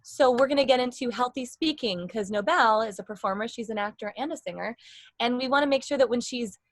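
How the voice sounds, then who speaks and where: A woman's voice: fairly high pitch, brisk, no echo. A young adult woman vocal coach giving a casual, rambling lesson with demonstrations.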